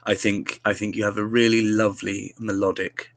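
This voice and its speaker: A man's voice: on the low side, little pitch movement, moderate pace, creaky, a bit bright, no echo. A young man hosting a casual interview, telling jovial, self-deprecating anecdotes. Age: young adult. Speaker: podcast host.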